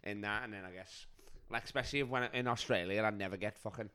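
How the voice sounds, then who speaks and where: Fast-talking low-voiced Scouse man. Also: clean tone. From Liverpool, England. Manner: quick, loose, swears often, trails off into quieter asides. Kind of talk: casual chat.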